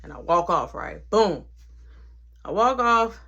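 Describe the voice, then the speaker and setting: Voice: mid-range voice, takes it slowly, dull audio. A woman telling a personal story in casual slang, acting out every line of dialogue. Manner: animated, acts out dialogue, heavy slang. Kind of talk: storytime narration.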